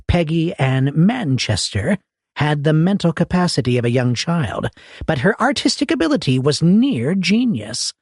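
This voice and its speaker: A man narrating an audiobook in an expressive, wry reading style. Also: fairly high pitch, normal speed, no room sound. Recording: dry close recording.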